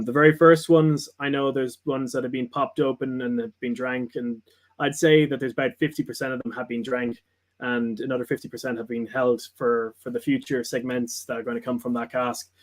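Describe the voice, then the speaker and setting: A man, a whiskey maker talking as a guest on a livestream in a rambling, halting way with many restarts. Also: mid-range voice. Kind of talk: casual livestream chat.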